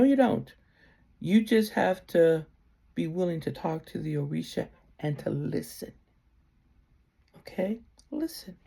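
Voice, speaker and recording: This woman's creaky, medium-pitched voice carries heartfelt spiritual advice delivered casually to camera. She keeps it conversational, sometimes softening almost to a whisper.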